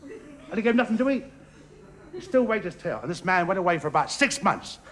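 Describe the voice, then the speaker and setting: A man doing a stand-up comedy routine on a theatre stage, with a bumbling, halting delivery and a giggling laugh. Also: sits high, sing-song. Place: theatre stage before a live audience. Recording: archive stage recording with loud audience laughter and hiss. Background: audience laughter.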